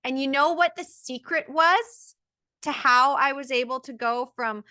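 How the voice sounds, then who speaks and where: Speaking at a measured pace, this woman in her thirties has a high-pitched, bright, forceful voice recorded without echo. She's a birth coach sharing her personal story as a motivational monologue, earnest and emphatic, with plenty of quoted self-talk.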